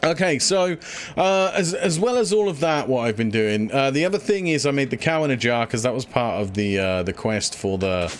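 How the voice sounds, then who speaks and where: Breathless man, game streamer, rambling casual chat, mid-pitched. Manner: rambling, lots of fillers, thinks aloud. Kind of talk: casual gameplay livestream chat.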